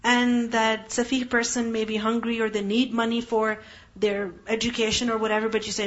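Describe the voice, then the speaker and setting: Woman, Quran lesson teacher, rhetorical questions, explains Arabic terms, fairly high voice, dull lo-fi recording. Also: level tone, moderate pace. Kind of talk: religious lesson.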